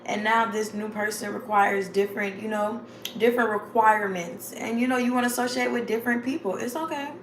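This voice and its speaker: A woman's voice: mid-range voice, fairly even intonation, brisk. A woman giving a rambling, casual motivational talk to her viewers, chatty and informal. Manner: rambling, breaks into frequent laughter; addresses viewers as "y'all" and "babes". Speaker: vlogger. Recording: echoey room with faint background noise.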